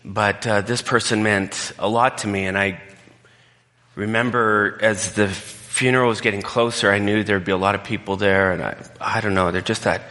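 A man's voice: lowish voice, steady tone, normal speed, pushed and bright, long reverb tail. A male pastor preaching a conversational sermon, telling a personal story in a candid, emotional way.

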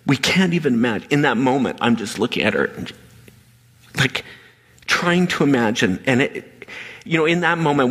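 A man's voice: medium pitch, a bit bright, husky. A middle-aged man preaching a sermon, telling a story animatedly and dropping to a near whisper at emotional moments. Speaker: pastor. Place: large hall with audience. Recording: reverberant hall.

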